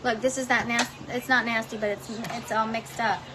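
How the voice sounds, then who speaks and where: Blunt high-voiced woman venting. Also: fairly even intonation, normal speed, background noise. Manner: blunt, heated, swears freely. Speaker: parent vlogger. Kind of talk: casual vlog chat while cooking. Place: home kitchen.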